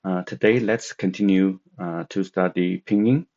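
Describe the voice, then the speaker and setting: A man's voice: low-pitched, fairly even intonation, normal speed, mellow. A man teaching an online language lesson, speaking with many hesitant filler sounds. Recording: dull lo-fi sound.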